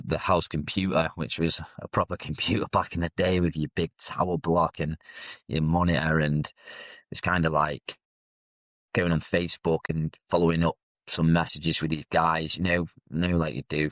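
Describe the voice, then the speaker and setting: Man in his 30s, guest storyteller, very low and level voice, dry close sound, halting and reflective. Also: fairly bright tone, dry recording. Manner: reflective, halting, with frequent fillers and restarts. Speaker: podcast guest. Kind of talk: candid personal storytelling.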